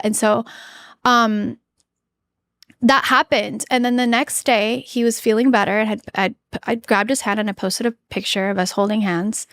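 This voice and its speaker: A woman's voice: fairly high pitch, fairly even intonation, moderate pace, a bit bright, no echo. Woman podcast guest, earnest storyteller, chatty with fillers and restarts, dry close sound. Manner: earnest, emotional recounting. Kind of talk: personal storytelling in an interview.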